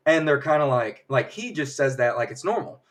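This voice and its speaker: A man's voice: mid-range voice, animated, fairly quick, recorded from a distance. Rambling man recapping a show. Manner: rambling, full of fillers and acted quotes. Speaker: livestream host. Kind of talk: casual episode recap chat. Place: home livestream setup.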